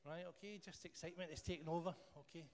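A man's voice: on the high side, fast. A man with a Scottish accent leading a church service, praying and then running a playful quiz for the congregation. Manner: playful, jokey, animated with the room. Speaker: church leader. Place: church hall. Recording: long church-hall reverb, faint noise.

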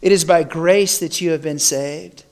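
Guy preaching in a church, high voice, tells it big and dramatic. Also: measured pace. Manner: dramatic storytelling, rising to loud calls. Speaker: pastor. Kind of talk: sermon. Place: church sanctuary.

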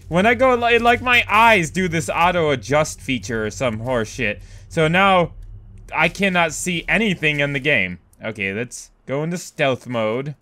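A young man giving let's play commentary, bursting into loud panicked yells and swearing. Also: high voice. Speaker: gaming YouTuber.

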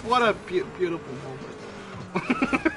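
A man streaming live gameplay commentary, excitable and sarcastic, breaking into laughter and yelps. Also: high-pitched, measured pace, a little hiss or hum. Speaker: gaming streamer.

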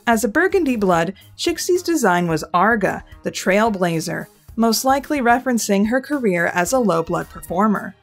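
A woman's voice: mid-range voice, big pitch swings, moderate pace, few pauses. Woman narrating a fan lore video. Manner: wry, lightly sarcastic asides. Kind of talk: scripted narration. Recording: soft background music.

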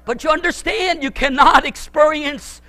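A middle-aged man preaching a fervent sermon as pastor, moving from quiet talk to shouting and stacking repeated words as he builds. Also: extremely high pitch, normal speed.

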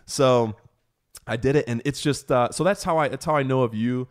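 A man's voice: medium pitch, normal speed. A young man hosting a podcast, who tells a story in a casual chat and acts out the quotes with animation. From United States. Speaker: podcast host.

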